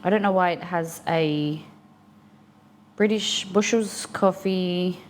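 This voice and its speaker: A woman's voice: fairly low pitch, takes it slowly, a little hiss or hum. A young woman chatting casually with viewers on a live stream while eating, reading chat aloud and answering.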